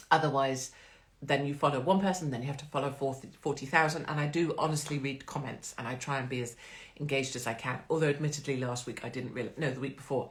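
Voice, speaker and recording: A woman hosting a live stream in a blunt, profane, chatty and rambling way. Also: extremely low pitch. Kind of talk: casual live-stream chat.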